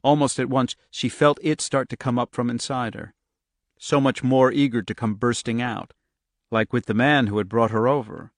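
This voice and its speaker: A man's voice: mid-range voice, steady tone, normal speed, dry recording. Man narrating an audiobook, dry and close.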